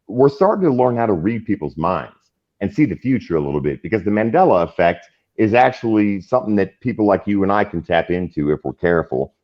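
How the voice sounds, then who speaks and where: Lively swearing guy on a livestream call, muffled lo-fi sound, voice jumps all over. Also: medium pitch. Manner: animated, swearing ranter. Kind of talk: casual chat. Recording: dull lo-fi call audio.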